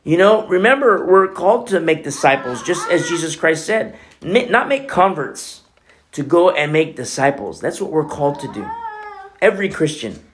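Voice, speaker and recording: A man's voice: a little high, sing-song, moderate pace, a little hiss or hum. A male pastor delivers a sermon in an emphatic preaching manner. He drives points home with rhetorical questions and repeats phrases for weight.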